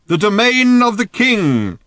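An old tribal elder bellows over the din of a stampede, as a male narrator puts him on. The voice is pushed high and loud, rising and falling with force. The sound is dry and close, as in a storybook recording. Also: big pitch swings, a little slow, dry recording, exaggerated voice. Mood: shouting. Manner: bellowing over a thundering herd.

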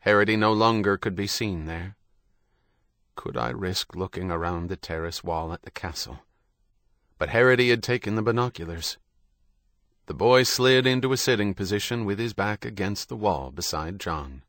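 An audiobook narrator reads a novel as scripted narration, keeping his storytelling measured and even. He has a lowish voice, and the recording is dry.

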